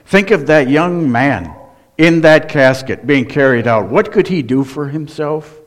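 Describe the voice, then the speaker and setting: A man's voice: a little high, animated, a little slow. A man preaching a sermon, earnest and emphatic, often asking the congregation direct questions. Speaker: pastor.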